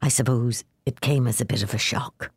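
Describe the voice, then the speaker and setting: A woman's voice: extremely low pitch, steady tone, normal speed, slightly rough, no room sound, full character voice. A woman reading as a sly old Irish father. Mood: arch. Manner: sly and arch.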